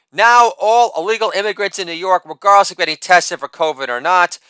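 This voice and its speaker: A man's voice: high-pitched, clear, resonant tone, no room sound. A middle-aged man reading his own satirical rant in a profane, sardonic way. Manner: profane and sardonic, with a shouted catchphrase.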